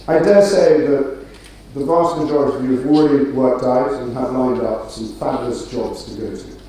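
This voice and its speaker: A man's voice: mid-range voice, moderate pace, dark tone. A middle-aged man giving a graduation speech with dry, self-deprecating humor and hesitant fillers. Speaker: graduation speaker. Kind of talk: ceremonial speech. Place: large auditorium. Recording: roomy hall, distant mic, faint ambience.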